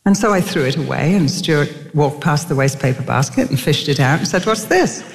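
Animated older woman preaching in a hall. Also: fairly quick, gravelly. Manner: animated storytelling, acting out quotes with lively pitch jumps. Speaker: Bible teacher and speaker. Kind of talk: sermon.

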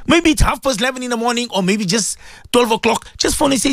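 Impassioned, gravelly high-voiced male radio preacher. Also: lively intonation, fairly quick, fairly bright tone, no room sound, clean studio sound. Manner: impassioned, repeats words, many rhetorical questions. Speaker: Islamic radio presenter. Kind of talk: preaching radio talk to listeners.

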